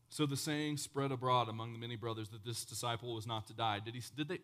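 A man preaching a sermon as pastor, with impassioned swings from loud exclamations to hushed, solemn passages and casual conversational asides. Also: mid-range voice, fast, hardly any pauses.

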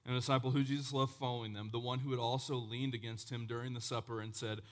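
Impassioned male preacher, loud then hushed. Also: mid-range voice, fairly even intonation, quick pace, few pauses. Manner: impassioned, swinging from loud exclamations to hushed solemn tones; conversational asides with "man" and casual humor. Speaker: pastor. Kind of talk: sermon.

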